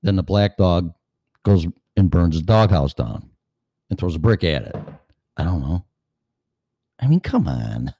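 A man's voice: deep voice, sing-song, measured pace, pauses often, warm tone, breathy edge, no echo. A man hosting a show, ranting sarcastically and cursing, now and then acting out other voices. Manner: acts out voices mid-rant. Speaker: show host. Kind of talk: opinion monologue.

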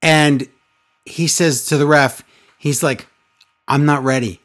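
A man with a somewhat raised pitch chats casually with a friend. He tells the story with energy and acts out the quotes in quick bursts. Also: steady tone, fairly bright tone. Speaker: podcast co-host recapping wrestling. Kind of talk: casual chat.

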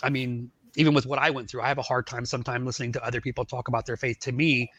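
Bright-voiced man telling his story. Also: mid-range voice, level tone, very fast. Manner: rambling, full of "like" and "you know". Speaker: podcast guest, Army veteran. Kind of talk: casual testimony storytelling.

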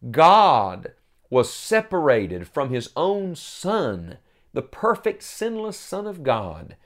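A male preacher delivering a sermon in a mid-pitched voice. He speaks earnestly, rising to loud cries on quoted words before falling back to a quieter, steady delivery.

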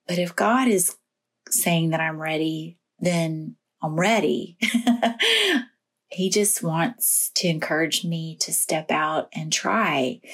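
A woman sharing a personal devotional message in a gentle, reflective way, with pauses and fillers. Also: on the low side. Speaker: Christian devotional speaker.

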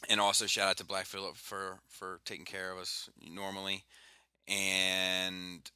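A man hosting a casual podcast, joking loosely and reading off shout-outs. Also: low voice, completely flat delivery, unhurried, smooth, no room sound. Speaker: podcast host.

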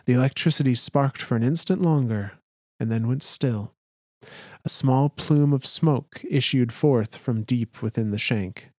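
A man reading a story aloud as a podcast co-host, in a calm, deliberate way. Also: mid-range voice, no echo, studio quality. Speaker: podcast co-host, lore reader. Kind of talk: story narration.

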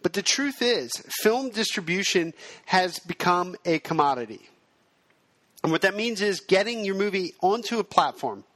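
A male podcast host who explains in an even, self-described monotone delivery. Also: high-pitched, normal speed, no room sound. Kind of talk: podcast monologue.

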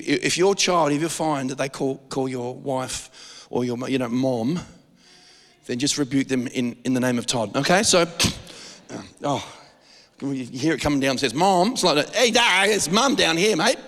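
A man with an Australian accent preaching a sermon as pastor, animated and joking, with frequent restarts. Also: medium pitch, measured pace, long reverb tail.

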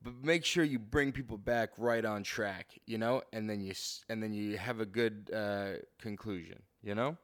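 A man's voice: fairly low pitch, fairly even intonation, moderate pace, few pauses, a bit bright. A man co-hosting a casual comedic podcast, explaining things in a loose, rambling way. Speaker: podcast co-host.

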